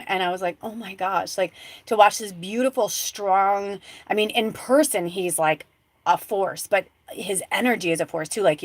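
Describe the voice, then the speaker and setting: A woman hosting a live spiritual talk show, telling a rambling story full of fillers and restarts, going from hushed soft tones to excited exclamations. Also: lowish voice, no echo. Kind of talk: casual live-stream monologue.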